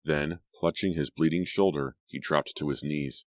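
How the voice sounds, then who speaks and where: Very deep male audiobook narrator. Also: normal speed, no room sound. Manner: steady storytelling, first-person read. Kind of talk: scripted narration.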